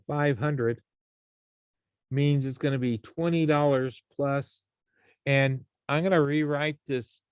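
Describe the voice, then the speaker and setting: Slow, dry-voiced male math instructor. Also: medium pitch, smooth, no room sound. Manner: explains step by step, checks in with students. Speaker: college algebra instructor. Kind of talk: classroom math lecture.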